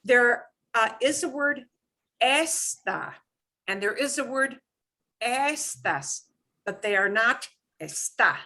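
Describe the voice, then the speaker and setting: A woman teaching an online class, animated and quick to laugh. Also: on the high side. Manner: animated, punches stressed syllables, laughs easily. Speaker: Spanish teacher.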